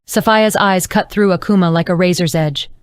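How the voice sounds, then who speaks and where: Smooth low-voiced woman audiobook narrator. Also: moderate pace, no room sound.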